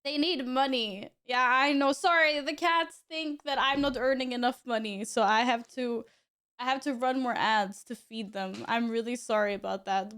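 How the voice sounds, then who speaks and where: A woman's voice: on the high side, fairly even intonation, normal speed, fairly bright tone, clear, resonant tone. A woman streamer chatting casually with her audience, bubbly and apologetic with frequent giggles. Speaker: live streamer.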